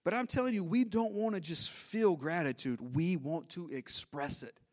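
Man, pastor, emotional sermon, fairly high voice, hushed then loud. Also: normal speed.

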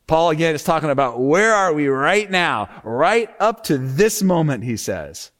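A man preaching a sermon as pastor, lively and expressive, acting out tones when he quotes scripture. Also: fairly high pitch, unhurried, few pauses. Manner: animated preaching, acts out sarcastic tone when quoting scripture.

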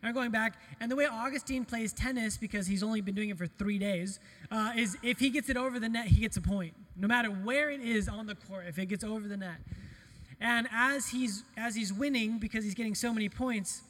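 A middle-aged man, a pastor, preaching a conversational sermon full of personal stories, animated and self-deprecating. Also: sits high, brisk. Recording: long hall reverb.

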